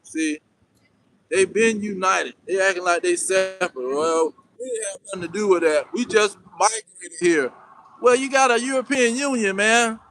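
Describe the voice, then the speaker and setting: A man preaching fiery scripture teaching, reading verses slowly and firing off repeated emphatic commands. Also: high-pitched, a bit bright, a little hiss or hum, rough recording.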